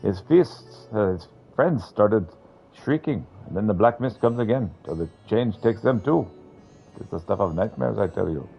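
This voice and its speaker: A man voicing a gruff, shaken male tradesman who bluntly recounts a horror he witnessed, in a game. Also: fairly low pitch, expressive, moderate pace, highs cut off, soft background music, exaggerated voice. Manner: blunt, swears.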